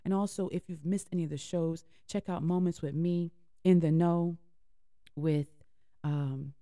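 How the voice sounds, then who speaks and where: A woman radio host speaks in an earnest, heartfelt way, repeating lines for emphasis as she encourages her listeners. Her voice has a gravelly edge and a mellow, dark tone. It is recorded close and dry. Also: on the low side, fairly even intonation, a little slow, no room sound. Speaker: internet radio show host. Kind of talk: inspirational talk between music.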